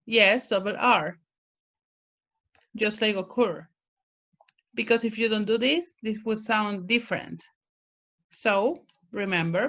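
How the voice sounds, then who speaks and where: Woman teacher, unhurried and clear, taking learners through spelling rules word by word. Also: medium pitch, a bit bright. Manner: slow, careful, stresses each word to model pronunciation. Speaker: English teacher. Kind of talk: online grammar lesson.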